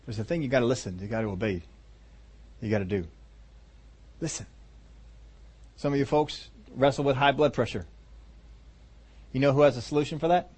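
A man preaching a sermon, urgent and emphatic, swinging between loud bursts and quiet low asides and often repeating himself. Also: moderate pace, long pauses, breathy edge. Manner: repeats and restarts phrases while preaching.

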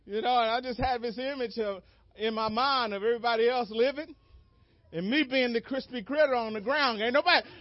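A man preaching a sermon as an animated story, acting out moments with sudden shouted cries and laughing along. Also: very high-pitched, a little fast, dry recording. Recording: dull lo-fi dry recording.

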